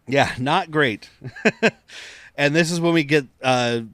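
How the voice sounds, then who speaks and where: A man's voice: a little high, takes it slowly, fairly bright tone, clean tone, no echo. A man co-hosting a podcast, recapping an episode in loose chat, laughing often and swearing casually. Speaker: podcast co-host.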